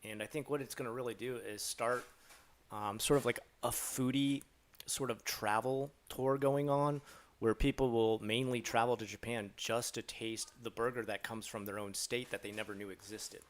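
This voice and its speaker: A man's voice: medium pitch, fairly even intonation, moderate pace. A man chatting casually on a live stream, rambling and joking with lots of fillers as he answers his chat.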